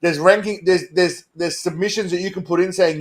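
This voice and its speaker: A man's voice: high voice, fairly even intonation, a little fast. An Australian man co-hosting a casual livestream chat, rambling and repeating himself and laughing often. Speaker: co-host of a livestream show.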